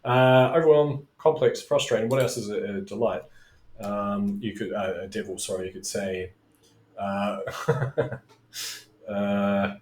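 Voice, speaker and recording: A man coaching in a loose, rambling way, drifting into tangents and swearing. His voice sits fairly low. The room is echoey around him. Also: fairly even intonation, unhurried, darkish tone, a little hiss or hum. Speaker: business coach. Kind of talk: casual talking-head video lesson. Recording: roomy echo.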